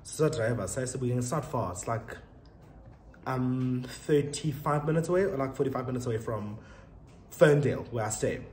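Speaking slightly fast in a medium-pitched, somewhat mellow voice, this young South African man laughs often as he prepares and tells a story in a casual vlog. The room gives an echo, and there's a faint background hum.

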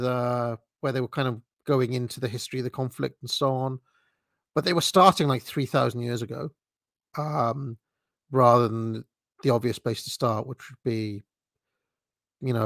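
On a dry-sounding livestream, a male political commentator speaks in a medium-pitched, gravelly, fairly bright voice. His commentary wanders, loaded with fillers and false starts, and he comes across as opinionated and dismissive.

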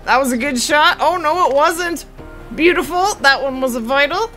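A woman giving game commentary for her channel, explaining things calmly and then squealing and laughing when the action heats up. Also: sits high, measured pace, music in the background. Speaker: gaming YouTuber.

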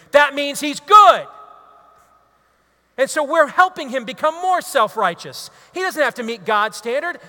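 High, bright-voiced man preaching in a hall. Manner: preachy, emphatic, builds to loud exhortations. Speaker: radio talk show host giving a talk. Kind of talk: impassioned speech to a live audience. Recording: long hall reverb.

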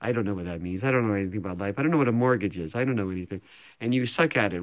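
A man's voice: lowish voice, rapid-fire, dull audio. A man in his fifties, sweaty after a run, rambling through a comic video message full of stammers and self-mockery. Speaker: comedian recording a personal video message.

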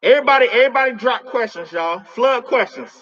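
Profane high-voiced man taunting on a stream. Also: lively intonation, fast, fairly bright tone. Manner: repeats words when worked up. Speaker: livestreamer addressing a spirit. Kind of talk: live stream rant. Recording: dull lo-fi stream audio.

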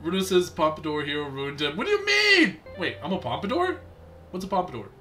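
A man streaming a game, chatting casually with viewers, excitable and laughing often. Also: sits high, fairly quick, faint music behind. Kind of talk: casual gameplay commentary.

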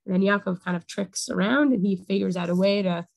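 A woman's voice: medium pitch, brisk, gravelly, no room sound, low-quality recording. A young woman teaching a casual Torah class, talking things through with many fillers. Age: young adult.

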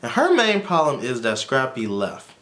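A man's voice: medium pitch, wildly swooping pitch, normal speed, a bit bright. A man casually recapping a reality TV episode for his channel, chatty and opinionated, with many fillers. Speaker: YouTuber reviewing a TV episode.

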